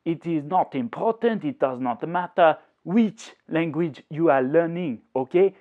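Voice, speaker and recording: A man making a language-learning video who talks in a deliberately hammy, put-on French accent. He slips French phrases into his talk and explains his ideas step by step. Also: fairly high pitch, expressive, narrow, tinny audio. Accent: deliberately exaggerated put-on French accent. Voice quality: hammy mock-French delivery. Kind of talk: playful language-learning vlog.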